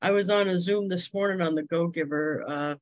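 A woman's voice: on the low side, brisk, rough recording. A woman hosting a casual video-call chat, bubbly, exclaiming and laughing often. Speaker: host.

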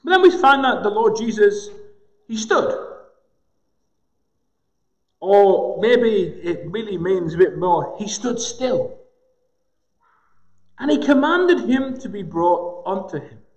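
A man preaching a sermon in a gospel hall, slow and emphatic with dramatic pauses. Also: sits high, animated, lo-fi sound. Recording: echoey hall with long reverb.

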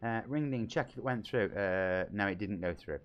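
A man in his forties from England with a British accent, chatting on his live game stream with excitable shout-outs and banter. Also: lowish voice, normal speed, muffled recording. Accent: British English. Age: 40s. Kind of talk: lively live-stream chat. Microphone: home streaming microphone.

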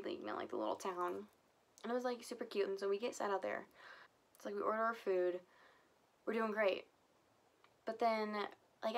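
A young woman vlogger telling a casual storytime, chatty and full of filler words. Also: mid-range voice. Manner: chatty, heavy use of filler "like".

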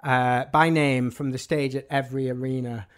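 A man's voice: mid-range voice, flat delivery, moderate pace. Man telling wry stories. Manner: wry, dry storytelling. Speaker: guest, music journalist. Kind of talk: anecdotal interview chat.

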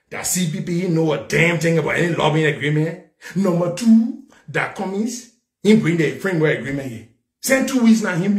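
A man rants on his talk show, with a high-pitched voice. He keeps repeating his challenges and shouts at times. The sound is echoey, as if recorded in a bare room. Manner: fiery, repetitive, shouting at times. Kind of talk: angry political rant.

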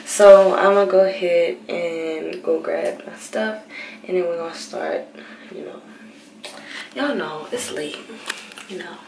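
A young woman vlogger talking casually at night in a hushed, half-whispered voice so she won't wake anyone, recording on a handheld phone in her bathroom. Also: on the low side, a little slow, creaky, pauses often, a little hiss or hum. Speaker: beauty vlogger. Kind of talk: late-night casual vlog. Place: bathroom at home. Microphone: handheld phone camera. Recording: roomy, slightly distant phone audio.

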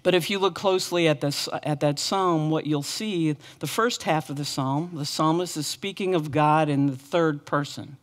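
A woman's voice: sits low, normal speed, hardly any pauses. A woman pastor preaching a sermon with earnest, impassioned repetition. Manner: earnest, impassioned repeated lament.

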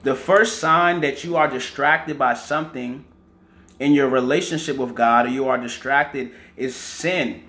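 A man's voice: mid-range voice, measured pace, sharp tone, reverberant. A man preaching a teaching sermon, often repeating words and checking in with "right?" and "amen".

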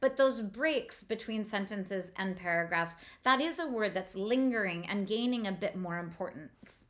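A woman giving an enthusiastic literature lecture, breaking down a passage sound by sound and slowing down to read lines aloud. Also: mid-range voice, fairly bright tone. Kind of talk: close-reading lecture.

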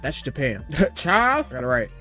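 Animated young man yelling over a game. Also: on the high side, normal speed, soft background music. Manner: animated, swearing, shouts and squeals at jumps, sings snatches of rap. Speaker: gaming streamer. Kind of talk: casual gameplay commentary. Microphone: headset or desk mic with face cam.

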